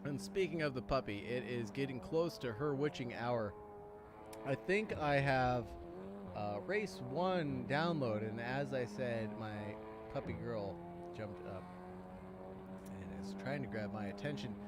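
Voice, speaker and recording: A man's voice: mid-range voice, lively intonation, unhurried, background noise. A man hosting a casual sim racing review, joking, swearing and laughing often. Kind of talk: casual chat, race commentary.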